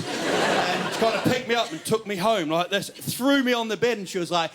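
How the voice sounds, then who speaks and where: A man's voice: sits high, fairly quick. A man from New Zealand with his accent, doing rambling stand-up with laughs and silly voices. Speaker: stand-up comedian. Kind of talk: stand-up comedy. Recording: noisy stage recording.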